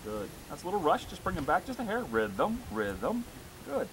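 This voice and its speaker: A man's voice: a little high, huge pitch swings, normal speed, a bit bright, rough recording. Guy coaching a horse riding lesson, keeps saying good and trot on, lots of background noise outside. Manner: encouraging, gives short commands and praise. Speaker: riding instructor.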